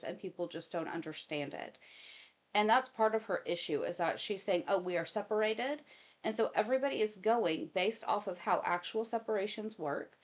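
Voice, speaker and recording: A woman hosting casual commentary, giving opinions and telling long personal anecdotes. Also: lowish voice. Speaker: commentary host.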